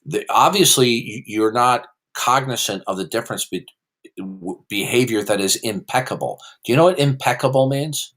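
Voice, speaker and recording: A man's voice: mid-range voice, normal speed, a bit bright. A man hosting a heated call-in debate, condescending and combative, quizzing the caller. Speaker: host.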